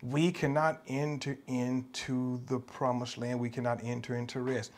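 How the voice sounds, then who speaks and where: A US pastor with a Southern accent preaches in a level, medium-pitched voice at a moderate pace. The delivery is passionate and repetitive, with strong emphasis and acted-out voices for the people he quotes.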